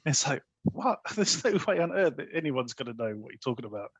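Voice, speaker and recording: A man's voice: medium pitch, very animated, fast, fairly bright tone, breathy edge, dry recording. A man co-hosting a film podcast, chatting casually and laughing as he retells scenes. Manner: laughs easily, acts out quoted lines. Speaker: podcast co-host. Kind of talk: casual film review chat.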